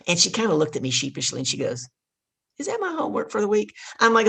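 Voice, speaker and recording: A woman's voice: medium pitch, wildly swooping pitch, quick pace, gravelly, fairly bright tone, slightly rough. A woman guest and life coach telling a coaching story with energy, hammering home her key points. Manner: emphatic, repeats key points.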